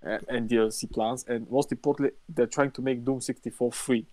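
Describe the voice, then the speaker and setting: A man co-hosting a casual podcast who cuts in with blunt opinions. His voice is dark and mellow, and the sound is dry and close. He swears freely. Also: mid-range voice, fairly even intonation, a little fast, dry recording. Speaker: podcast co-host. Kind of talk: casual chat.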